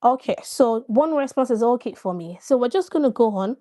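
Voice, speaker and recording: A woman's voice: on the high side, expressive, fairly quick, dark tone. A woman hosting a live stream, chatting with viewers, greeting them by name and explaining her points through examples. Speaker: live-stream host giving parenting advice. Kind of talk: casual live-stream talk.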